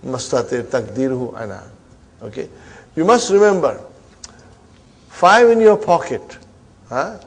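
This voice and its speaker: A man teaching an Arabic grammar class in English, drilling students with repeated questions and quick prompts, mixing in Arabic and Islamic phrases. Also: medium pitch, gravelly, slightly rough.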